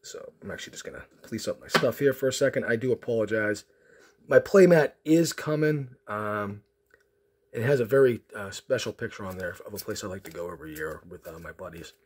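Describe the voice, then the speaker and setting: Brisk and husky, a low-leaning male voice belongs to a vlogger opening card packs. Sarcastic and self-mocking, he tells rambling stories casually, restarting often and using plenty of fillers.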